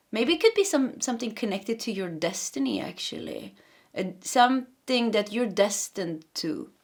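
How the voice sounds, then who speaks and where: A young adult woman with a Swedish accent giving a pick-a-card tarot reading, talking fast and energetically and often repeating her phrases. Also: fairly high pitch. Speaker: tarot reader.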